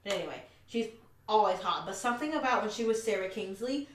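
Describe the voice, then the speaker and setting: A woman's voice: medium pitch, expressive, fast talker. A young woman co-hosting a casual home podcast, gushing and swearing as she repeats herself. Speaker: podcast co-host. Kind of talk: casual chat. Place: home room. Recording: echoey room, mic far off, faint background hiss.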